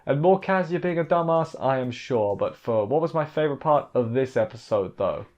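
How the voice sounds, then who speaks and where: A man giving a casual, excitable episode recap review, often breaking off mid-sentence to restart. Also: mid-range voice, moderate pace, dull audio. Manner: excitable, exasperated, self-interrupting. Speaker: anime reviewer.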